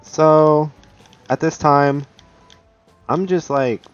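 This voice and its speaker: A man's voice: mid-range voice, lively intonation, takes it slowly, pauses often, muffled recording. A young man streaming live, telling a rambling, profane story in casual chat, full of "like", with faint music behind him.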